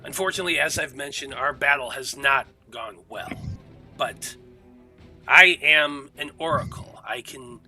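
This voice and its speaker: A man voicing a male oracle who speaks in a formal, measured way as he explains himself. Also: mid-range voice, pushed and bright, soft background music. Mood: solemn. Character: solemn male oracle, rebel elder.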